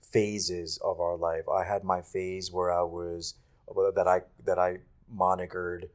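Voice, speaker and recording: Low-voiced man, reflective. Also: slow. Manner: reflective, steady storytelling. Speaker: guest co-host. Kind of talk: casual faith talk.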